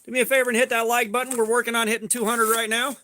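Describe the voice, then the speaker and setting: High-pitched guy rambling on a livestream, says like a lot, swears some, shouts out chat viewers. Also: little pitch movement, racing, slight background noise. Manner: loose and rambling, heavy on "like", swears freely; greets chat viewers by name. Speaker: livestream host.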